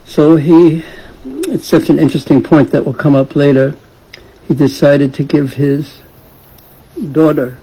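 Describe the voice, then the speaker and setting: In poor audio, a man with a slightly high, breathy voice teaches a scripture class at a measured pace. He gently retells a story in a casual way, asks the class questions, and chuckles.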